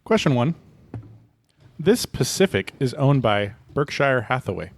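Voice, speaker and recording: A man's voice: medium pitch, sing-song, a little slow, dry recording. A man co-hosting a casual podcast, tossing in playful quips. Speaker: podcast co-host. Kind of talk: casual chat.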